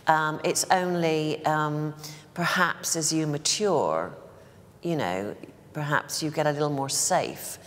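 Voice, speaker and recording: A woman's voice: low voice, slow, big-room sound. A woman in her sixties from Bristol, England, telling stories in a casual interview as a make-up artist guest, rambling with fillers and restarts. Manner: chatty storyteller, many fillers and restarts. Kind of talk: casual anecdotal interview talk.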